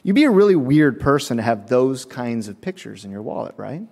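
Animated preacher man in a reverberant church. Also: medium pitch, brisk, vocal fry. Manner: animated storytelling, acts out voices, chuckles often. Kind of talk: sermon with humorous anecdotes. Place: church sanctuary. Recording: long reverb of a church sanctuary.

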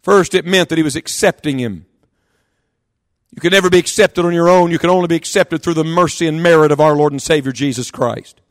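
A man preaching a sermon in church, impassioned, swinging from quick asides to loud, drawn-out calls. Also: fairly high pitch, no room sound, clean studio sound. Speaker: pastor. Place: church service.

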